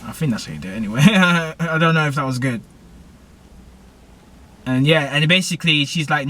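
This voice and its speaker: A man's voice: on the high side, normal speed, fairly bright tone, slight background noise. A young British man casually recapping a TV episode, rambling with lots of fillers and corrections. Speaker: TV show reviewer.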